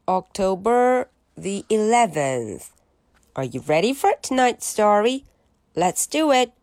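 A woman's voice: medium pitch, darkish tone, no room sound, clean studio sound. A woman reading a children's picture book aloud as a storyteller, playfully imitating animal and object sounds.

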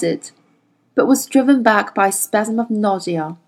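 Slow, measured woman reading a novel. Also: mid-range voice, gravelly, darkish tone, slightly rough. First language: Chinese. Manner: slow, deliberate storytelling. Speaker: audiobook reader.

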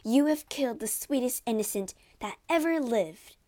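A woman's voice: on the high side, expressive, normal speed, mellow, pitched above the performer's own voice, lightly acted. A woman voicing an outspoken, loyal maidservant with a blunt, indignant manner in a storybook reading.

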